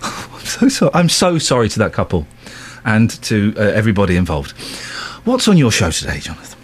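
A man's voice: on the low side, wildly swooping pitch, a little fast, slightly rough. A male radio host bantering on air from a studio microphone, giggling and laughing as he talks. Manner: giggly, keeps breaking into laughter.

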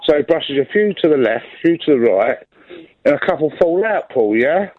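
Brief: male regular caller, slightly high, muffled lo-fi line, rambling jokey tale. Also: sing-song, a little fast, breathy edge, no echo. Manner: rambling, keeps checking the listener is there. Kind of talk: comic phone-in anecdote. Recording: dull lo-fi phone line.

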